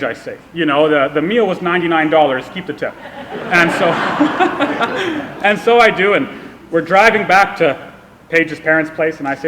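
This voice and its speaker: A man's voice: sits high, lively intonation, normal speed, bright, forceful tone. A young man from Canada giving a public speech, telling a humorous, self-deprecating story. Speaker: speaker. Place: event hall. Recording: echoey hall with long reverb.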